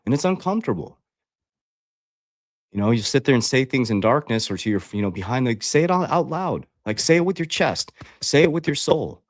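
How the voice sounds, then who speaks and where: Here a life coach addresses his livestream viewers directly as "guys," blunt and confrontational, swearing freely through a motivational talk. His voice is medium in pitch. It's studio quality with no room sound.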